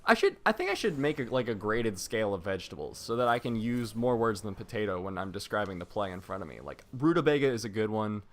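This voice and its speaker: A man casting a live video game match, joking around between plays and then calling the action excitedly. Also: fairly low pitch, quick pace, few pauses. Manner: jokey, rambling banter that rises into excited play-by-play. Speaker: esports caster.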